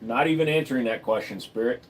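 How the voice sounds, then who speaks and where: A man of ordinary pitch hosts a relaxed livestream from a room at home, fielding viewer questions one after another. His delivery is blunt and deadpan, with crude jokes dropped in flatly. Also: fast talker, background noise. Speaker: livestream host. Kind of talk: casual livestream Q&A, answering chat. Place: room at home full of computer gear.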